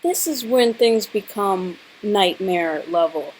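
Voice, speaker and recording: A woman's voice: mid-range voice, animated, takes it slowly, darkish tone, a little hiss or hum, poor audio. A young woman vlogger with a sore throat, telling a story in a chatty, dramatic way and saying "like" a lot. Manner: chatty and dramatic, heavy use of "like". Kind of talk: casual storytelling to camera.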